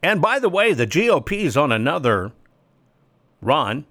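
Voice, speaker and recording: A man's voice: fairly high pitch, sing-song, normal speed, fairly bright tone. A man hosting his own political commentary show, talking emphatically and sarcastically and addressing viewers as folks. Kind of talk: opinionated commentary monologue.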